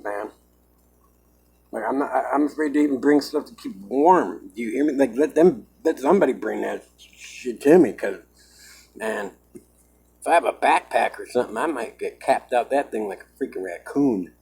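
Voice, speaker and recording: A man's voice: medium pitch, normal speed, creaky, a little mellow, breathy edge, low-quality recording. A man talking to his own camera in an agitated, emphatic vlog monologue, often saying "man". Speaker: vlogger. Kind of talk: self-recorded vlog monologue.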